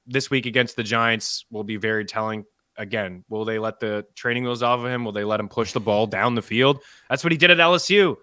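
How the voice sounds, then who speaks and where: A man in casual podcast chat, giving measured analysis and thinking aloud. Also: lowish voice, sharp tone, no room sound. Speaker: fantasy football analyst.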